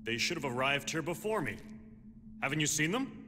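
A curt police captain. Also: male voice, a little high, sing-song, normal speed, big-room sound, noisy background. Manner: curt, commanding. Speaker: game character in a cutscene.

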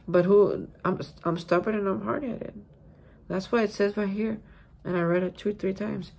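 Woman vlogger, casual daily reflection, gravelly and husky, emphatic with repeated words, hotel room. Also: mid-range voice, normal speed. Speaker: recovery vlogger.

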